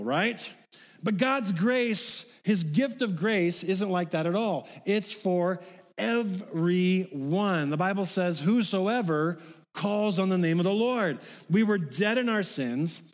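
A middle-aged man preaching a sermon in a casual, folksy way, with asides to the congregation. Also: a little high. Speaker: pastor. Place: church sanctuary. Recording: long hall reverb.

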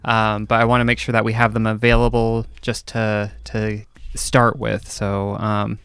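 A man's voice: on the low side, monotone, a little slow, a bit bright, clear, resonant tone, dry recording. A man introducing the cast as game master, hesitant with many ums and uhs. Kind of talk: casual actual-play intro.

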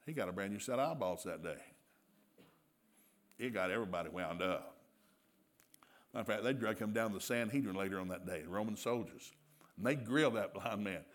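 A male preacher giving a sermon with animated storytelling, laughing often and acting out dialogue. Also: fairly low pitch, brisk, long pauses.

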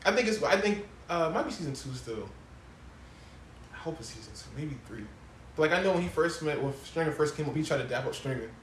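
A man co-hosting a podcast, chatting casually about TV shows in fast slang with lots of swearing. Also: a little high, animated, fairly bright tone, reverberant, slight background noise. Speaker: podcast co-host.

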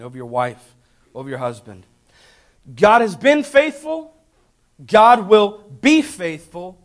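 A man preaching a sermon as pastor, calling out to the congregation and swinging between loud emphatic peaks and hushed asides. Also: high-pitched. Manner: preaches with call-and-response to the congregation. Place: church.

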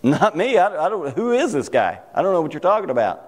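A flustered male apostle rattles off hurried, defensive denials, as a preacher acts him out. The voice sits high and swings widely in pitch. It rings through a long, echoing hall. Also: sing-song. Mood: panicked denial.

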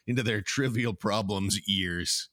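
Low-voiced man hosting a sports podcast. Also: bright, forceful tone, dry recording, clean studio sound. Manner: measured and reflective. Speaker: podcast host. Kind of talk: casual sports chat.

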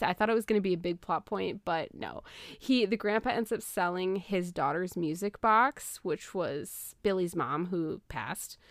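A woman's voice: lowish voice, no room sound, studio quality. Laughing woman retelling a film plot. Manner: animated storytelling, laughs often. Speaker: podcast co-host retelling a film. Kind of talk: casual chat.

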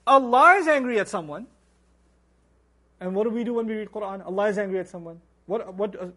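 A middle-aged man giving a religious lecture, animated and acting out quoted voices. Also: high voice, brisk. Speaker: Islamic lecturer.

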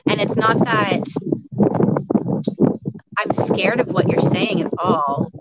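A woman's voice: mid-range voice, slow pace. A woman, a podcast host, talking in a casual, emotional way, nervous and laughing often. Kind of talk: casual spiritual conversation. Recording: loud background noise and clicks.

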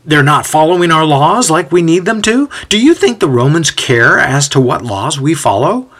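Man playing a defensive synagogue leader, indignant, raised pitch, animated. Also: normal speed, slightly rough, full character voice. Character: defensive middle-aged male synagogue leader.

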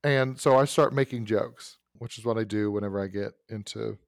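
A man's voice: fairly low pitch, moderate pace, vocal fry, dry recording, clean studio sound. A man telling a long personal anecdote in casual chat, rambling with asides and restarts. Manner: rambling, self-correcting anecdote with frequent asides. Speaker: podcast host telling a story. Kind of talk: casual storytelling.

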